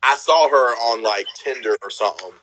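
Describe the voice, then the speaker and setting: Animated man telling a dating story. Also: mid-range voice, moderate pace, a little hiss or hum, poor audio. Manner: animated storyteller acting out quotes, laughs often. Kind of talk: casual storytelling chat.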